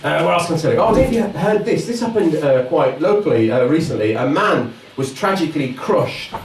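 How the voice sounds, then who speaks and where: A man's voice: a little high, animated, a little fast. A male comedian delivering dry one-liners on stage. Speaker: stand-up comedian. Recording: echoey club from far, noisy crowd.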